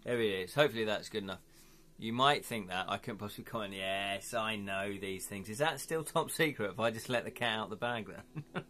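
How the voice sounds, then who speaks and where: A man hosts a live stream with a bright, forceful voice, chatting loosely and laughing often as he reads out viewer comments. Faint music plays behind him. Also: lowish voice, lively intonation, normal speed. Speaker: livestream host.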